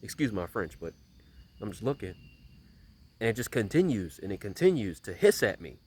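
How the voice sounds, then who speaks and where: A man's voice: lowish voice, very animated, moderate pace, darkish tone, breathy edge. A man telling a story in a casual vlog from a small bridge outdoors, rambling and emphatic, repeating himself often. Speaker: vlogger.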